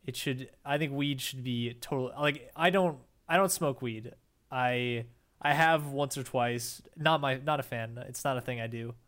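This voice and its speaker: Young man, casual podcast talk, rambling, lots of ums and restarts, mid-pitched voice. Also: a little slow, a bit bright. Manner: rambling, many fillers and restarts. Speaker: podcast co-host. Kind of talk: casual chat.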